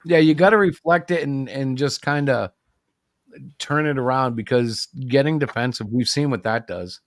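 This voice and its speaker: A man's voice: mid-range voice, normal speed, dry recording, studio quality. A man co-hosting a livestream about comics, talking in a casual, rambling and opinionated way. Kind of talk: casual chat.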